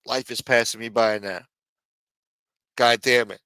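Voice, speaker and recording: A man's voice: medium pitch, fairly even intonation, unhurried, sharp tone, clean tone, dry recording. A man, hosting a livestream and rambling casually, swearing often and tagging "man" onto his sentences. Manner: rambling, profane, says "man" a lot. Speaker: livestream host.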